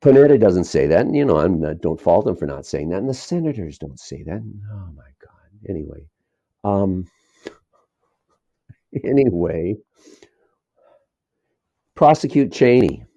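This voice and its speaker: A man's voice: sits low, very animated, unhurried, pauses often, warm tone, slightly rough, no room sound. A man being interviewed as a documentary filmmaker, talking in a rambling, digressive way and chuckling between thoughts. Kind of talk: casual interview talk. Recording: dull lo-fi dry sound.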